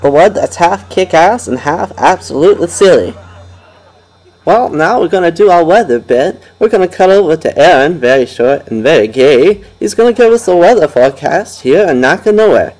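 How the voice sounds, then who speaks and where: A man's voice: on the high side, lively intonation, moderate pace, a little mellow, poor audio. A man hosting a homemade comedy radio show, rambling and goofy and laughing at his own jokes. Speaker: host.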